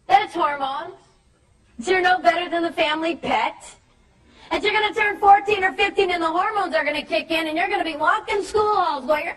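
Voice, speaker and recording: High-voiced woman preaching to students. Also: far from the mic, low-quality recording. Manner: emphatic, preachy, with shouted stresses and slow drawn-out points. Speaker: youth speaker. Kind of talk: impassioned religious talk to students.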